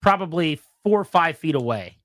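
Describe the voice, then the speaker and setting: Male sports-radio host, animated storyteller, dry close mic. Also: moderate pace, dry recording. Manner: animated storytelling, mimics others in a loud high voice. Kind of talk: casual radio talk.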